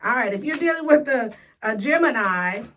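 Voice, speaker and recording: A woman's voice: on the high side, animated, moderate pace, pushed and bright. A woman giving a casual, sassy tarot reading, talking straight to her viewers with playful slang. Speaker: tarot reader.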